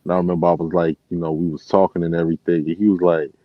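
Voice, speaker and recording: Deep-voiced Chicago man, muffled and dry. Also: very fast, no room sound. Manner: relaxed storyteller, many fillers. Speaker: truck driver and regular caller. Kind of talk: casual chat. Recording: muffled, dry phone-like sound.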